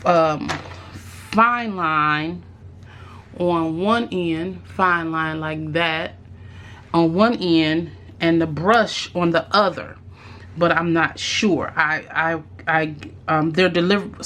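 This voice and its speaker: Woman, craft vlogger, low and unhurried, thinks aloud, faint room hum. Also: fairly bright tone. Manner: musing aloud, with fillers and restarts. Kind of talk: casual unboxing chat.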